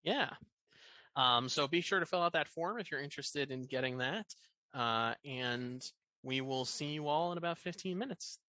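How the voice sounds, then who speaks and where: Male dungeon master, bright dry voice, laid-back narration full of fillers. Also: a little high, normal speed, dry recording. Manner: relaxed, hesitant with fillers. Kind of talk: narrating a tabletop game.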